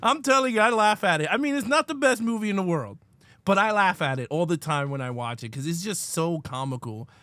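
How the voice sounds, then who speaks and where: Brief: animated male podcast co-host, bright, lively pitch, dry close sound, laughs easily. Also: brisk, dry recording. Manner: animated, laughing often, reenacts movie lines. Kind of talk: casual live film review chat.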